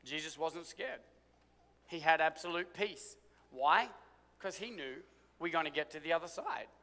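A man with a high, bright, ringing voice preaches a sermon. He swings between forceful, emphatic lines and quiet, hushed ones. His voice carries a long reverb, as in a large hall. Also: animated, unhurried. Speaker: pastor.

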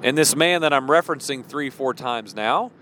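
Pushed and bright, his mid-range voice keeps a moderate pace. The man preaches conversationally near traffic outside, throwing out rhetorical questions and performing imagined voices.

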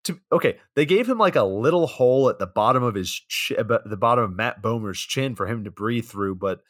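A man's voice: mid-range voice, lively intonation, brisk, a bit bright, dry recording, studio quality. A young man casually recapping a film plot for a podcast, swearing freely and acting out characters' lines.

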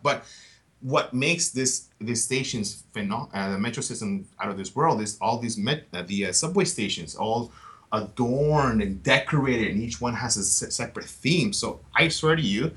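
Tour guest type: upbeat, chatty man with a bright, forward voice, keeps tossing in "right?". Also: mid-range voice, animated, normal speed. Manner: enthusiastic, chatty, often adds "right?". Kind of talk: casual podcast chat.

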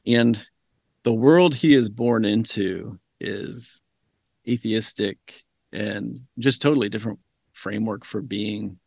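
A physician and teacher, a man, earnestly telling a reflective story in a conversation, pausing often with ums. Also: lowish voice, gravelly, slightly rough, no echo, studio quality. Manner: earnest, thoughtful, with frequent ums and self-corrections. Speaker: physician and medical educator, podcast guest.

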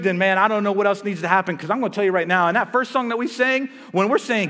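High-voiced preacher in an echoing hall. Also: male voice, fast talker, hardly any pauses. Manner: energetic, exhorting, joking with the congregation. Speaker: pastor. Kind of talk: sermon. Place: church sanctuary. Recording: reverberant church hall.

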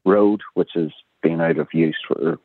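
Belfast man, low voice, phoned-in radio guest, tinny line, matter-of-fact delivery. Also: a little slow, no room sound. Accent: Northern Irish, Belfast. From Northern Ireland. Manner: plainspoken, matter-of-fact explaining. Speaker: interview guest. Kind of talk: talk radio interview by phone. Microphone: telephone.

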